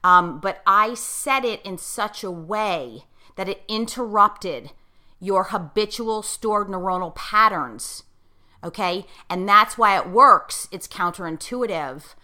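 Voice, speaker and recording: Her voice is medium-pitched, bright and forceful, and she speaks slowly. This middle-aged woman chats casually in a coach-like way, stressing points and checking on her listener, until she gets choked up over a moving personal story.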